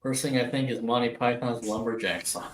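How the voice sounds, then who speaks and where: An older Wisconsin man with an Upper Midwest American accent co-hosts a livestream, rambling through casual chat, swearing and laughing a lot. His voice is medium-pitched and a little mellow, and the poor audio is reverberant with slight background noise.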